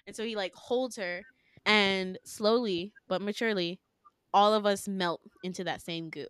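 A young woman hosting a podcast, retelling a story in a casual, animated way with lots of fillers and laughter. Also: mid-range voice, normal speed, smooth, no echo, studio quality. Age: young adult. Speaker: podcast host.

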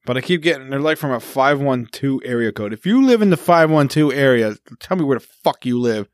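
A man's voice: medium pitch, lively intonation, fairly quick, no echo, studio quality. A man hosting a podcast, chatting casually with crude jokes and frequent laughter. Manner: crude, joking, laughs often. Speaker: podcast host. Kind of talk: casual chat.

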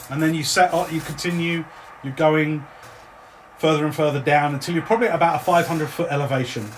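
A man running a tabletop game as game master, narrating in a relaxed, meandering way with frequent restarts. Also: fairly high pitch, brisk, a little hiss or hum, poor audio.

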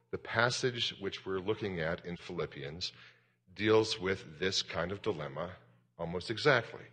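A man's voice: low voice, fairly bright tone, husky, long reverb tail. A man, a pastor, giving a sermon in a candid, self-deprecating and rambling way.

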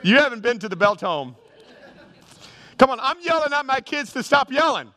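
A man's voice: very high voice, big pitch swings, moderate pace, pushed and bright. A male pastor preaching a sermon with humor, calling out to his congregation. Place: church sanctuary. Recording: reverberant church hall.

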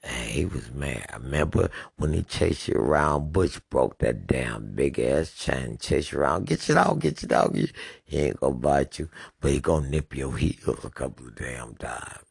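A man with an extremely deep, gravelly voice tells old stories in a loose, profane way. His pitch swings widely as he acts out noises. The husky sound is close and dry. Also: moderate pace, no room sound. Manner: animated, swears freely, acts out sounds. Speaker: storyteller. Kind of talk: casual profane reminiscing.

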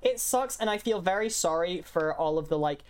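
A woman's voice: lowish voice, animated, normal speed, a little mellow. Chatty young woman rambling casually. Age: young adult. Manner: chatty, rambling, lots of fillers. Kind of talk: casual chat.

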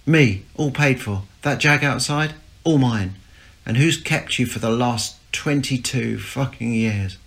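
A man's voice: medium pitch, unhurried, gravelly. A man voicing a teasing, boastful middle-aged father who mocks his son. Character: mocking middle-aged working-class dad, teasing critic.

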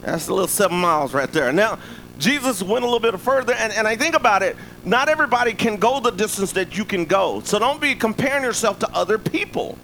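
Male pastor, slightly higher voice, easygoing sermon delivery, faint ambience behind. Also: animated, fast talker, pushed and bright, a little hiss or hum, poor audio. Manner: conversational preaching with frequent "right?" asides.

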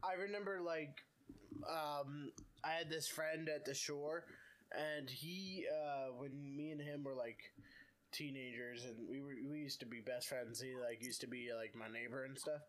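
A man's voice: medium pitch, measured pace, a bit bright. A young man co-hosting a podcast, telling stories in casual chat with lots of fillers. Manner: chatty storytelling, many fillers. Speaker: podcast co-host.

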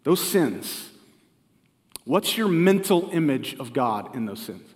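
A man in his forties delivers a Sunday sermon, keeping it conversational and earnest as he poses questions to his congregation. His voice sits a bit high for a man. The live recording carries the long reverb of a church sanctuary. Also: big pitch swings, slow. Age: 40s. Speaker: family pastor.

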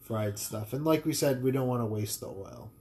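A man chatting casually and easygoing about cooking, with relaxed slang. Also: medium pitch, moderate pace, gravelly. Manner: laid-back, easygoing slang. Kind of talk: casual chat.

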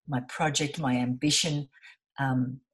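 A woman, middle-aged, whose voice sits very low for a woman. She talks as an interview guest, earnest and passionate as she tells her story. The delivery is conversational and heartfelt. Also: steady tone, measured pace. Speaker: interview guest, environmental volunteer.

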